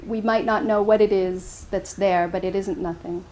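A woman meditation teacher gives a dharma talk, telling a story and then reflecting in a gentle, unhurried way. She speaks at a middle pitch, sometimes restarting her phrases and laughing easily. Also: steady tone, poor audio.

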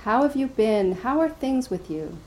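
Woman reading as a warm, gentle male spiritual master. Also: on the low side, steady tone, normal speed, lightly acted. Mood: warm welcome. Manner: warm, wry.

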